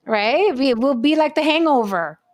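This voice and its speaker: Female podcast host, higher-pitched, brash and excitable, swears freely in casual chat. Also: normal speed.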